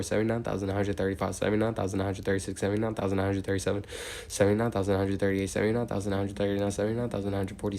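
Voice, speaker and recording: With a fairly low voice, a man on a livestream counts aloud without stopping, occasionally wandering into rambling chatter packed with "like."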